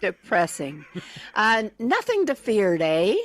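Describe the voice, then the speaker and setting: A woman's voice: medium pitch, wildly swooping pitch, takes it slowly, no room sound. A woman co-hosting a morning radio show, talking casually with many ums and a wry humor. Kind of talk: casual on-air banter.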